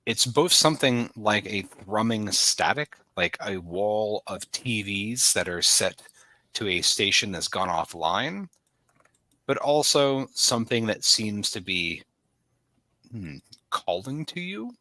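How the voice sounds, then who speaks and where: A man narrates a tabletop role-playing game as its game master, painting scenes in vivid detail. His voice is fairly low but bright and forceful. The sound is close and dry, with no room behind it. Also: lively intonation, slow, no echo, low-quality recording. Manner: descriptive, evocative narration.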